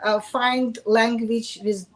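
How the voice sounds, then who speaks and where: A woman from Kaliningrad with a Russian accent, a native Russian speaker, talking as a guest in a casual interview in halting English with many restarts. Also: fairly high pitch, little pitch movement. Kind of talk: casual chat.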